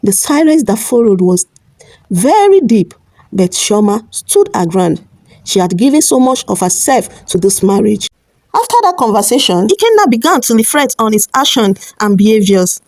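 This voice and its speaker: A woman narrating a family folktale as host of her storytelling channel, steady and plain, with small slips. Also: mid-range voice, moderate pace, no room sound.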